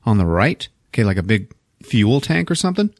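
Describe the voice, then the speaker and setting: Profane, lively man recapping a movie. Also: on the low side, brisk, no room sound, studio quality. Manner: profane, animated storytelling with laughs. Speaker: podcast host.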